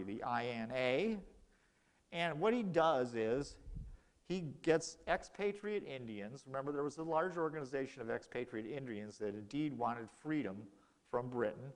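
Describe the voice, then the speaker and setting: A man's voice: on the high side, lively intonation, unhurried, long reverb tail. A man giving a casual history lecture in a lecture room, telling it as a story and acting out the quoted exchanges.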